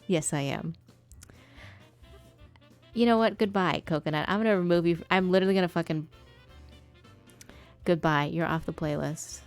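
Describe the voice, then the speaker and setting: A woman's voice: lowish voice, moderate pace, pauses often, soft background music. A woman streamer chatting casually while she draws, swearing freely and now and then putting on a polite customer-service voice.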